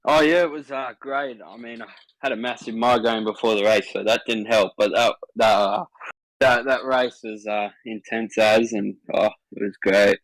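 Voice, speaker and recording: A man's voice: medium pitch, steady tone, normal speed, no echo, low-quality recording. A man answering post-race interview questions as the winning driver, laid-back with short casual answers. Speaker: winning sim racing driver.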